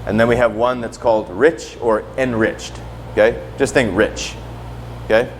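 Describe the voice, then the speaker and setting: A man's voice: medium pitch, fairly even intonation, moderate pace, a little hiss or hum. A man teaching a cooking class while demonstrating, talking casually and ending most sentences with "right?" or "okay?". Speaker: culinary instructor. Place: teaching kitchen.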